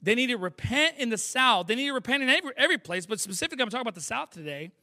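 Male pastor, very high voice, punchy emphatic sermon delivery, keeps asking the crowd questions. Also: expressive, rapid-fire, bright, forceful tone. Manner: emphatic preaching with rhetorical questions.

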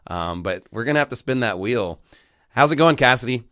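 A man's voice: medium pitch, expressive, a little fast, sharp tone, dry recording, clean studio sound. A man hosting a casual chat, talkative and laughing, with stammering restarts. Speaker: show host.

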